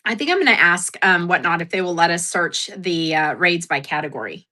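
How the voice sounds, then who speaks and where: Young adult woman livestream host, bright voice, giggly and rambling. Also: lowish voice, expressive, fairly quick. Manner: giggly, self-deprecating, rambling with fillers. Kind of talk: casual livestream chat.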